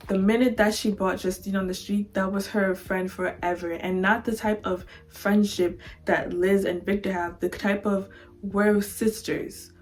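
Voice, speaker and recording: Animated woman vlogger retelling a story. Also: medium pitch. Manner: animated, dramatic, acts out characters. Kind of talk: casual storytime recap of a novel.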